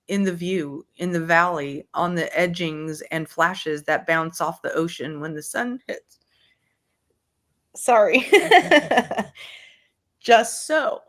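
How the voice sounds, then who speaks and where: A woman's voice: on the low side, fairly bright tone. A woman hosting an online book club, reading a memoir aloud and chatting in a heartfelt way. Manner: heartfelt, breaks off to apologize.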